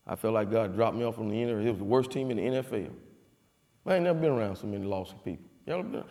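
A man, a former football player giving a folksy, animated testimony with a preaching cadence. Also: fairly low pitch, fast. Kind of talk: storytelling speech. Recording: long reverb of a hall.

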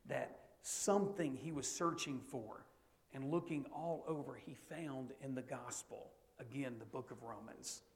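A middle-aged man preaching a sermon, telling stories that swing from hushed to loud and emphatic. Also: medium pitch, measured pace.

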